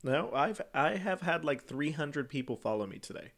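A man hosting a casual podcast chat, giggly and animated, laughing often. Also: on the high side, normal speed. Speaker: podcast host.

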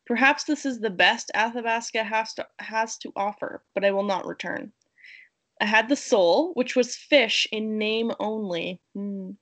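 A woman's voice: on the high side, a little slow, a bit bright. A woman co-hosting a casual chat, reading restaurant reviews aloud and laughing between lines. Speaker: podcast co-host reading reviews.

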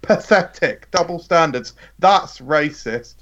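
A man's voice: a little high, expressive, slow pace, fairly bright tone. A man in a casual podcast chat, playfully argumentative and teasing. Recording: dull mic with faint hiss.

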